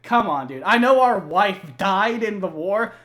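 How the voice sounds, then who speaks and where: A man voicing a furious man who berates a drunken version of himself, swearing and shouting. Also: sits high, lively intonation, measured pace, exaggerated voice. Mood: angry scolding.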